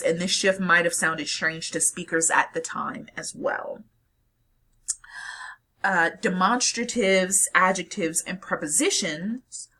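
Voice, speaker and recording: A woman's voice: lowish voice, bright, forceful tone, slightly rough. A woman giving a recorded lecture, explaining step by step and talking straight to her students, with a few fillers and self-corrections. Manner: addresses students directly.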